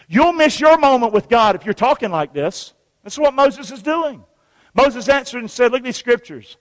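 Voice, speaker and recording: A man's voice: extremely high pitch, expressive, normal speed. A man preaching a sermon, folksy and conversational, reading scripture aloud and calling on the congregation to repeat after him. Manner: call-and-response, folksy, reads scripture aloud. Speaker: pastor. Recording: long reverb of a large hall.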